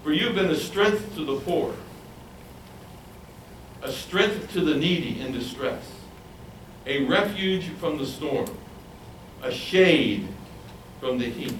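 A man preaches a sermon in a voice on the high side, speaking slowly with long pauses. He's animated, putting questions to his listeners and acting out other people's voices. The recording is roomy and distant, with faint ambience and slight background noise.

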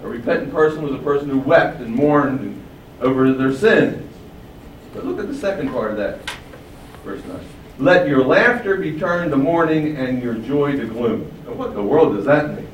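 A man's voice: mid-range voice, lively intonation, normal speed, slight background noise. A man preaching a sermon, stressing key phrases and rising on them. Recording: roomy echo from far off, faint ambience.

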